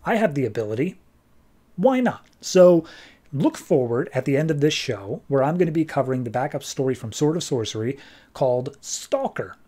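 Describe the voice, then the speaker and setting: A man's voice: mid-range voice, mellow. Wry man recapping comics. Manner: jokey, wry, acts out quotes. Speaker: podcast host. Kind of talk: casual comic-book recap.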